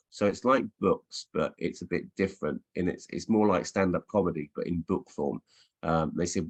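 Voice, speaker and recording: A man's voice: low-pitched, a little fast. A middle-aged man, a children's author, chatting casually with schools over a video call from his home office, playful, with many ums and restarts. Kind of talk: casual virtual Q&A with reading aloud.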